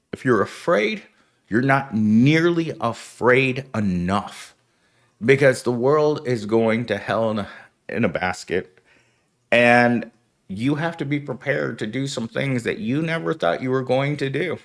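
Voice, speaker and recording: A man's voice: medium pitch, normal speed, gravelly. A man with a stuffy, nasal voice from being sick, talking as a YouTuber in a blunt, sardonic vlog. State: sick and congested. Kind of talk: casual vlog commentary.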